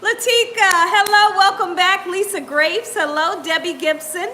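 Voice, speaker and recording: A woman's voice: very high-pitched, measured pace, sharp tone, slight background noise. A woman hosting a live cooking stream, chatting upbeat with viewers, greeting them by name and laughing often. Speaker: cooking channel host.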